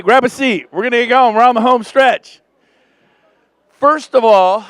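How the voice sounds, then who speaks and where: Man, 50s, from California; high-pitched, upbeat seminar speaker who jokes with the crowd; dry, close sound. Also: no echo. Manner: energetic, joking, revs up the crowd. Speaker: real estate speaker at a business seminar. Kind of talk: live motivational talk to an audience.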